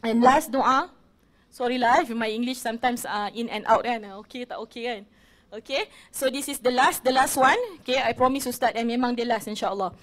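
Chatty Malaysian woman, higher voice. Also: fairly quick. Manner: chatty, switches between English and Malay. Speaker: religious speaker. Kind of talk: religious talk to an audience.

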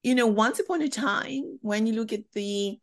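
A woman from France with a French accent, a company founder telling stories as a podcast guest in a lively, chatty way. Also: a little high, moderate pace. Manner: animated, chatty storyteller. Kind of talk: conversational interview.

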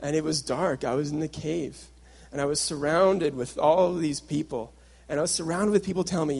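A young adult man with a fairly high, husky voice gives a sermon-style talk. He tells a personal story and slips into the voices of his past self and the people around him. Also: fairly quick, a little mellow. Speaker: workshop speaker.

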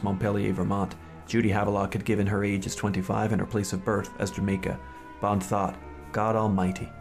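A man hosting a podcast, chatting casually and reading a story aloud in a steady, measured way. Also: lowish voice. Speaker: podcast host.

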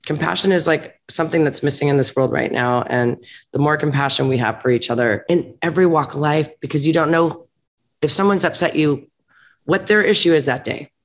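Woman guest, restaurant owner: frank, emphatic, quick to get heated. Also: sits low. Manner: blunt, emphatic, gets heated and laughs it off. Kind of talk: candid conversational interview.

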